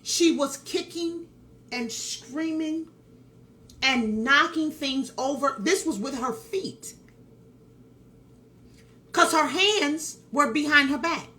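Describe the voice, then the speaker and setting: A woman's voice: sits high, animated, slow pace, long pauses, pushed and bright. A woman vlogger telling a story in casual commentary, emphatic, repeating phrases and talking straight to her viewers. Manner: talks straight to viewers with asides.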